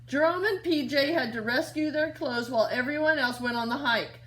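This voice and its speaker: A woman teacher reading a picture book aloud to young children, expressive and asking them questions along the way. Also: high voice, moderate pace.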